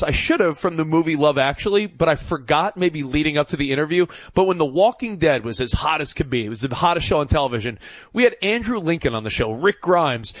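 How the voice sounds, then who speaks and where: A male sports radio co-host tells a story in casual chat, teasing and stumbling over restarts. His voice is a touch high and animated, recorded dry on a close studio mic. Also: dry recording.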